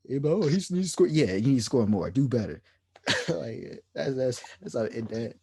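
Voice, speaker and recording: A man's voice: medium pitch, animated, normal speed, a little mellow, husky, dry recording. A man co-hosting a sports podcast, ranting in an exasperated, repetitive way. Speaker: podcast co-host. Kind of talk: heated sports podcast rant.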